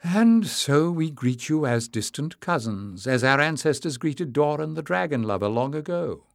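A composed, commanding woman who leads her hidden village speaks with measured dignity and quiet authority, as a male audiobook narrator puts her on. The voice is lifted only gently above the reader's own, and the recording is dry and close. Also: fairly high pitch, animated, vocal fry, no echo, voice pushed up. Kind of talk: audiobook character reading.

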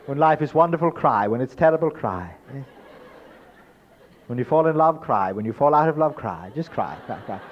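A man giving a spoken lecture in an emphatic, rhetorical way, swinging between loud stresses and hushed asides. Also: mid-range voice, animated, normal speed, some chatter behind. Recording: dull lo-fi recording.

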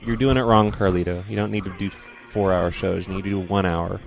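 A man's voice: low-pitched, fairly even intonation, a little fast, creaky, soft background music. A man hosting a prank call podcast, laid-back and crude in his joking. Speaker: podcast host.

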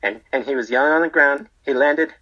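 A rambling, defensive barber behind bars, played by a man, who keeps checking in with "okay?" and "right?" as he tells his story. His voice is bright and sharp. The recording sounds dull and lo-fi. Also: medium pitch, fairly quick, slightly rough. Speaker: storyteller being interviewed. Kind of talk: comedic character monologue.

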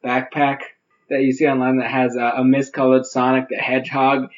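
A man's voice: medium pitch, completely flat delivery, normal speed, dull audio. A man co-hosting a casual comedy podcast, rambling through jokes with lots of asides. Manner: rambling, many "like" and "uh" asides, joking. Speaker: podcast co-host.

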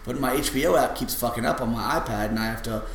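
A man's voice: mid-range voice, fast talker, gravelly, fairly bright tone. A young man trading blunt, opinionated takes with a friend in casual, profane chat. His voice sits in a mid range. The room sounds echoey, with a faint hum underneath. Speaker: podcast co-host.

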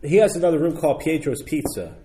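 Fast-talking man, blunt and rambling. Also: a little high, very animated, dark tone, slight background noise. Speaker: stand-up comedian. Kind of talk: casual chat.

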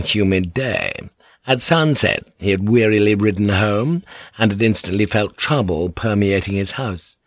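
A man narrating an audiobook in a measured, even storytelling manner. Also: lowish voice, no echo.

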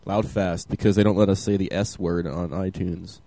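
A man co-hosting a casual podcast, joking, quick and swearing freely. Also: deep voice, steady tone, mellow. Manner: joking, quick, swears, puts on a mock Russian voice. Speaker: podcast co-host. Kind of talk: casual chat.

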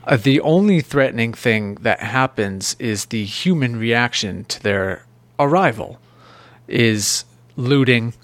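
A man's voice: mid-range voice, expressive, slow pace, no echo. A man casually recapping a movie plot on a podcast, rambling and joking. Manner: rambling, jokey, puts on silly voices. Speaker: podcast co-host. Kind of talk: casual movie review chat.

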